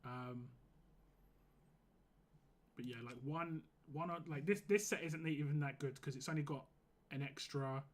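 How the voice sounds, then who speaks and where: A hoarse man streaming a game live, giving casual, rambling commentary full of "like". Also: on the high side, measured pace, pauses often. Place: home gaming setup.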